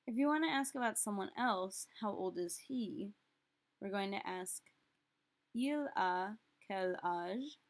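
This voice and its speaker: A woman teaching a recorded French lesson, explaining step by step and slowly repeating example phrases. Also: mid-range voice, expressive.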